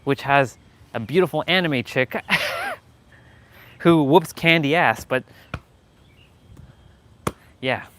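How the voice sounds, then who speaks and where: A man's voice: medium pitch, slow pace, pauses often, fairly bright tone. A man chatting casually on his live stream, hyped and boastful, repeating his phrases. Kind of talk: casual livestream chat.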